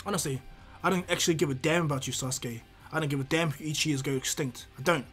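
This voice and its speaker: A man voicing a blunt, quick-tempered teenage ninja boy who lectures and scolds in a bossy way. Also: fairly high pitch, steady tone, fairly bright tone, faint music behind, natural voice. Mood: scolding. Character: blunt hot-headed teen ninja boy.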